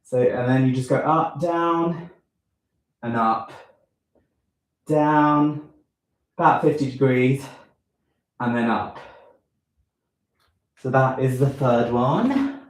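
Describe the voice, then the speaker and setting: A man's voice: mid-range voice, takes it slowly, pauses often, roomy sound, rough recording. A man leading a home workout in casual talk, thinking aloud with many ums and self-corrections, a bit out of breath. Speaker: fitness vlogger leading a live workout. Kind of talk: casual live workout instruction. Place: room at home.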